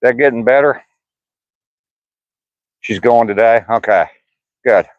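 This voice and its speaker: A man's voice: mid-range voice, slow, dry recording, muffled recording. An older man chatting casually with live chat viewers by name on an outdoor walk, mentioning his sore hip. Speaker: vlogger reading live chat.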